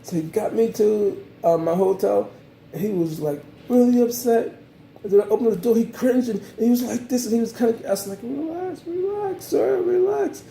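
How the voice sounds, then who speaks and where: A man from the United States casually recapping his trip in a vlog, rambling and animated, with many fillers. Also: high voice, fairly quick, creaky, roomy sound, a little hiss or hum. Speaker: travel vlogger.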